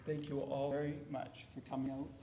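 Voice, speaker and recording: A man giving a memorial speech and reading a poem, gentle and reflective, with small slips. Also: mid-range voice, monotone, a little fast, roomy sound, a little hiss or hum. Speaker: family member giving a eulogy.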